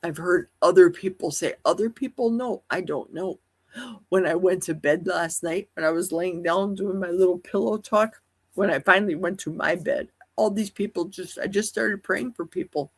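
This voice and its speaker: Woman livestream host, husky high voice, rambling musings full of rhetorical questions. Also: normal speed. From Wisconsin. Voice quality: high, youthful-sounding voice. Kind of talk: casual solo livestream chat. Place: at home in a forest.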